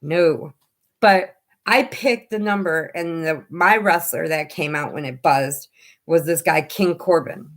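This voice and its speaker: A woman chatting casually on a home live stream, telling lively stories and acting out what people said. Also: low-pitched, measured pace. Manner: animated storyteller who acts out quoted voices.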